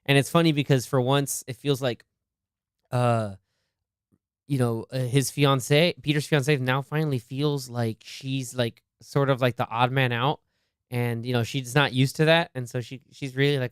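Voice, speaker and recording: A man co-hosting a casual movie podcast, excitable, laughing often and acting out lines from the film. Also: medium pitch, moderate pace, clean tone, no room sound, studio quality. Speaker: podcast co-host. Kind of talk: casual movie discussion chat.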